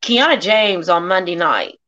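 A woman's voice: fairly low pitch, expressive, unhurried, pushed and bright. A woman co-hosting a podcast in casual chat, blunt and joking. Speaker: podcast co-host. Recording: dull muffled sound.

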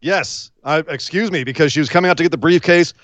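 A man's voice: a little high, fast talker, dry recording, lo-fi sound. A man co-hosting a podcast remotely, animatedly retelling events and acting out quotes in casual chat. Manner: animated storyteller, acts out quotes. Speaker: podcast co-host. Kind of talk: casual wrestling recap chat. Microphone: remote call mic.

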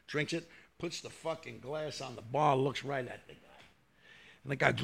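A man with a New York accent, co-hosting a podcast and telling crude bar jokes in a casual, swearing way, his voice gravelly and husky. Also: medium pitch, normal speed. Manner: crude, drops to a mutter mid-story then laughs loudly at punchlines.

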